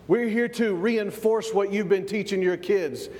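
A man's voice: high voice, measured pace, darkish tone, in a large hall. A man from the American South, preaching a sermon as pastor, stumbling over repeated words and asking for amens. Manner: repeats words when building up, calls for amens. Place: church.

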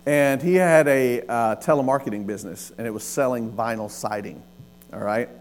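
A man, preaching a sermon and telling a personal story with lively, acted-out dialogue. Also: medium pitch, moderate pace, a little hiss or hum. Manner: storytelling, animated with laughs and acted-out quotes. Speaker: pastor.

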